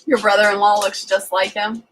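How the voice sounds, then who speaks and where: A woman's voice: mid-range voice, level tone, moderate pace, fairly bright tone, a little hiss or hum, rough recording. Chatty Southern woman hosting a live chat. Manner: chatty, rambling, reads out viewer comments. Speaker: livestream host chatting with viewers. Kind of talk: casual live chat reading comments.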